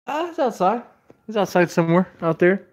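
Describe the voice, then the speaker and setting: A man's voice: sits high, sing-song, a little fast. A man venting in a casual vlog, telling a rambling story in an exasperated way. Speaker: vlogger.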